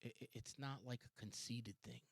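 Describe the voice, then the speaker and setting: A man's voice: medium pitch, fairly even intonation, moderate pace, vocal fry, dry recording. A man with a Los Angeles accent hosting a rambling solo talk show at his home computer, meandering, interrupting himself, swearing casually and laughing often. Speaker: podcast host.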